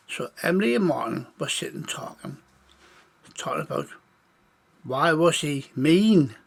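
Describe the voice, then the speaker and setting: Man, storyteller, slow, husky, gravelly, children's story. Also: fairly high pitch, animated. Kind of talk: improvised children's story reading.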